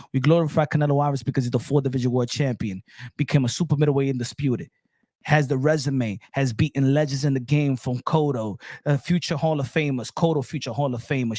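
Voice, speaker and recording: A man giving animated casual commentary as a boxing commentator, excitable, repeating himself and dropping in Spanish phrases. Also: mid-range voice, no echo, studio quality.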